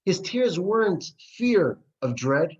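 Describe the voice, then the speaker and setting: A man's voice: sits high, slow. A man teaching a class on Jewish texts, reading passages aloud and explaining them earnestly. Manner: earnest, animated, reads and paraphrases text aloud. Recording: dull lo-fi recording.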